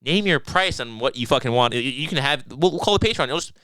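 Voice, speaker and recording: A man's voice: mid-range voice, expressive, fast talker, a bit bright, clear, resonant tone, no echo. A young man co-hosting a podcast, rambling and joking with his brother, swearing freely and restarting his sentences often. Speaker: podcast co-host. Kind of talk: casual podcast banter.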